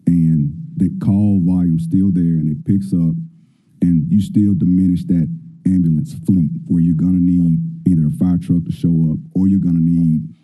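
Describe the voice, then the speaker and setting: A male fire department official calmly answering budget questions at a public hearing. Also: low-pitched. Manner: measured, explanatory. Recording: tinny phone-like meeting audio.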